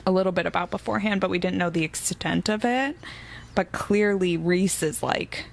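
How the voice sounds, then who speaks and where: A young woman co-hosting a casual book podcast, her voice sitting a little low. She retells scenes with animated flair, slipping into characters' lines as she goes. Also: normal speed, gravelly. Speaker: podcast co-host. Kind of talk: casual book-club chat.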